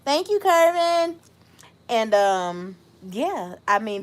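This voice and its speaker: Woman, young adult, livestream host, casual chat, slow pace, reflective, laughs often. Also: fairly high pitch, very animated.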